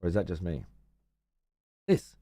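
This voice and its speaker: Australian streamer, foul-mouthed rambling rant, dry close sound. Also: male voice, deep voice, sing-song, a little slow, mellow, slightly rough, dry recording. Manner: profane, rambling, sarcastic. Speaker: livestreamer. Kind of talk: casual livestream rant.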